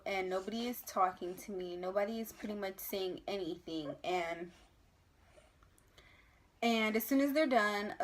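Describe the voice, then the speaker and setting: A young woman from the United States telling a personal birth story to camera in a casual vlog, emotional and animated, acting out the voices of others. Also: mid-range voice. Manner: emotional, animated retelling with acted quotes.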